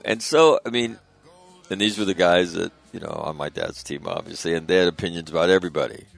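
A man's voice: sits low, a little fast, vocal fry. A middle-aged man telling stories about his late father in a casual, rambling way, full of fillers and restarts. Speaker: guest recalling his father. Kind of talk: casual spoken storytelling.

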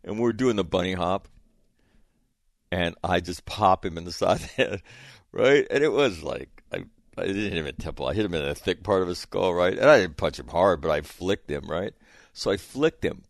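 Deep voiced middle aged guy rambling thru a story, lots of ums, super dry sound. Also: animated, moderate pace, vocal fry, dry recording. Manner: rambling, lots of fillers and restarts, laughs at own stories. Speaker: podcast host. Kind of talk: casual storytelling monologue.

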